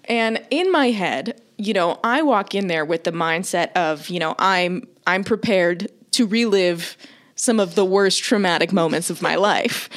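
Animated young woman telling a story. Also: on the low side, a little slow. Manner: animated storyteller, acting out quoted voices. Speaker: podcast co-host. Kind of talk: casual chat.

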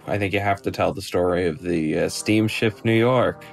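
Young adult man, interviewer. Low, gravelly voice with relaxed, prompting questions. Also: moderate pace, soft background music. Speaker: grandson interviewing his grandmother. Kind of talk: casual family interview.

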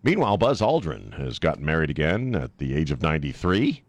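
A man hosting a radio talk show, mocking and opinionated in a sarcastic, animated way. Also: rumbling low, fairly quick, no room sound.

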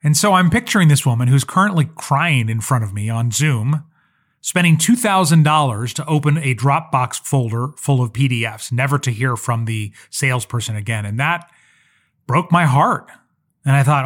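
A man's voice: fairly high pitch, lively intonation, moderate pace, a bit bright. Earnest man hosting a solo podcast. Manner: conversational, earnest, shares stories and asides. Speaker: podcast host and social media coach. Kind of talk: solo podcast teaching talk.

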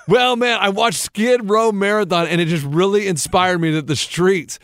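A laid-back homeless guy, as a man mimics him, talks in a slow drawl. The voice sits a few steps higher than the man's own, loose and easygoing. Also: very noisy, natural voice. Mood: mocking.

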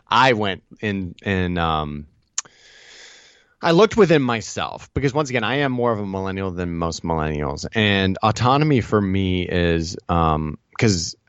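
Energetic man telling stories, low voice. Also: smooth, dry recording, muffled recording. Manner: energetic storyteller, quick asides and restarts. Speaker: guest. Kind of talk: casual interview chat.

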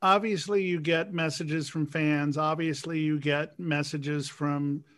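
Guy hosting an interview, slow careful talk, kinda philosophical. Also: on the high side, fairly even intonation, fairly bright tone. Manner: measured, philosophical phrasing. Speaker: interview host. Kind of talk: reflective interview questions.

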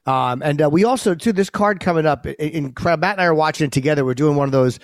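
A man co-hosting a podcast, reflecting aloud with halting, self-correcting speech. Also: a little high, dry recording, studio quality. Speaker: podcast co-host. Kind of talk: podcast interview, casual.

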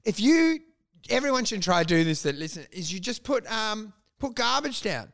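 A man hosting a casual podcast chat, excitable, swearing freely and laughing often as he acts out imagined exchanges. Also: high-pitched, normal speed, vocal fry. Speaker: podcast host.

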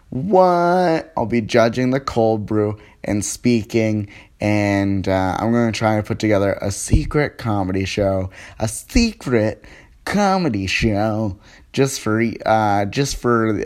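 A man hosting a podcast, rambling casually and joking at himself through the intro and sponsor reads, recorded on a phone. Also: lowish voice. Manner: rambling, self-mocking, lots of fillers. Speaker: podcast host.

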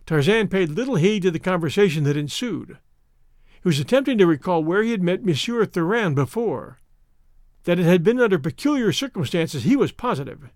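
A man narrating an adventure novel in an expressive, theatrical reading. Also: high voice, brisk, no room sound, clean studio sound. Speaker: audiobook narrator. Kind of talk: scripted narration.

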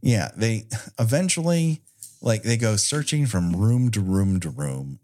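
Lively sarcastic man riffing casually. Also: lowish voice. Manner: sarcastic, profane, with mocking quoted voices. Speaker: podcast co-host. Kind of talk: casual movie-review chat.

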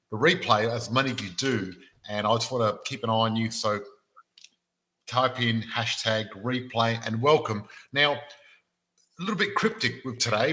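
A man hosting a casual podcast, telling jokey stories in an animated way. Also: mid-range voice, low-quality recording. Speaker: podcast host.

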